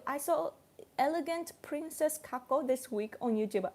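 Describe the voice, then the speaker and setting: A woman's voice: sits high, normal speed, darkish tone. A Japanese woman with a Japanese accent, hosting a casual livestream chat, full of fillers and restarts and laughing often. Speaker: livestream host.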